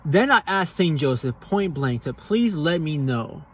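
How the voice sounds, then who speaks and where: A man with a slightly raised voice tells a personal religious testimony in a relaxed, conversational way. His delivery is earnest and unpolished, full of casual slang and sentences that restart as he goes. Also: fairly high pitch, unhurried, slight background noise. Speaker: Catholic giving a personal testimony.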